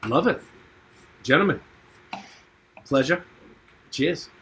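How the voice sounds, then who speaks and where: A man's voice: a little high, lively intonation, slow, pushed and bright, a little hiss or hum. A man hosting a podcast over a remote call, in loose casual chat full of fillers. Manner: loose and chatty, swears casually, many fillers. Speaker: podcast host. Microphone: remote call with a mute button.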